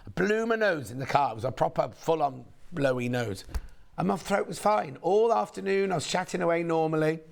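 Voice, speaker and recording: Brief: male shopping-channel host, hoarse and gravelly, lively up-and-down delivery, gossipy and rambling. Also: on the high side, fairly quick. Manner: chatty, gossipy, rambling asides. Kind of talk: casual live sales chat.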